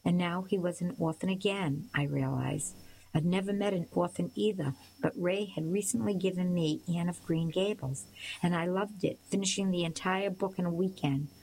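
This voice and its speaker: A woman narrates a storybook in the first person, with a lowish voice and a steady, measured pace. Faint hiss sits under the recording. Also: creaky, poor audio. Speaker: audiobook reader.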